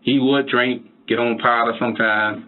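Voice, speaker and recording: A man's voice: medium pitch, fairly even intonation, normal speed, phone-quality sound. A man questioning a suspect in a police interrogation, pressing him with repeated questions. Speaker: police detective.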